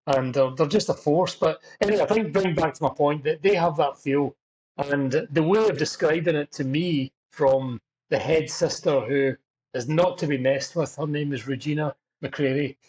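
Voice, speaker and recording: A middle-aged Scottish drummer, chatting as a guest in a casual interview, rambling through stories with self-deprecating humor. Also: male voice, a little high, darkish tone, husky, rough recording. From Scotland.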